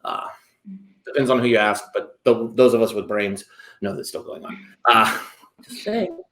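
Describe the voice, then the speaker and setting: A middle-aged man hosting a show, joking and animated in casual banter. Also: lowish voice, normal speed. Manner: animated and joking, prone to whoops. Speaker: show host. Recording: roomy echo.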